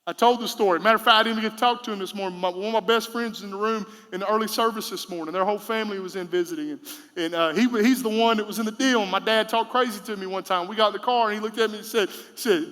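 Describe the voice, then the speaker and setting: Male pastor, thirties, high bright voice, reverberant church hall, casual sermon with loud bursts. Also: fast talker. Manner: conversational preaching with sudden loud emphatic bursts. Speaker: senior pastor. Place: church sanctuary.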